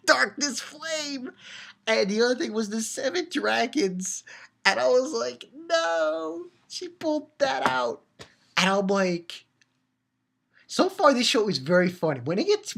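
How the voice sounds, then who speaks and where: A woman giving a casual, excitable recap of an anime episode, laughing and swearing, with many restarts. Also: mid-range voice, creaky. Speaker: anime reviewer.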